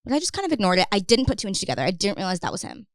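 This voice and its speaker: A woman's voice: mid-range voice, sing-song, very fast, no echo, clean studio sound. A woman in her twenties, a podcast guest telling a story in a rambling, casual way, full of "like". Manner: rambling, heavy use of "like".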